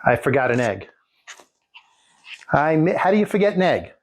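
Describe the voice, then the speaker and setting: A man's voice: fairly high pitch, very animated, normal speed. Folksy joking home cook, man. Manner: folksy, joking asides, rambling. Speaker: home cook showing a recipe. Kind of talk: casual cooking demonstration. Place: home kitchen.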